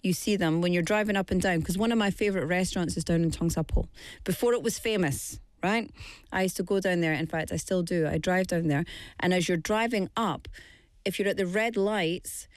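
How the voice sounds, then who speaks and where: A woman's voice: fairly low pitch, brisk, no room sound. A woman hosting a show in casual, chatty talk, rambling with asides and filler words. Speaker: show host. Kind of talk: casual chat.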